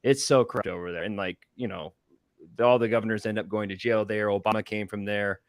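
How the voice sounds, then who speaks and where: A man from Southern Illinois chatting casually on a livestream in a loose, halting ramble. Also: lowish voice, steady tone, clean tone, dry recording, studio quality.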